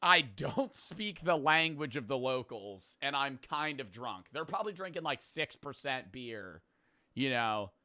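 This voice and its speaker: A man's voice: medium pitch, lively intonation, measured pace, sharp tone. A young man, riffing loosely and profanely as he reacts to a video on stream. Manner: loose, profane, joking, talks over the video. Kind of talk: casual reaction commentary.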